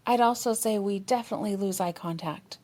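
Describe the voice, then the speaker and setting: A woman's voice: medium pitch, brisk. A woman therapist, a guest on a podcast, explaining expressively and sometimes acting out what partners think. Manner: expressive, explanatory, acts out partners' inner voices. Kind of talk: conversational podcast discussion.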